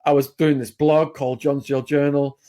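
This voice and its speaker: A man's voice: fairly high pitch, little pitch movement, normal speed, mellow. Blunt Englishman telling a story. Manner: blunt, plain-spoken, with fillers and restarts. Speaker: podcast guest. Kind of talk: casual storytelling.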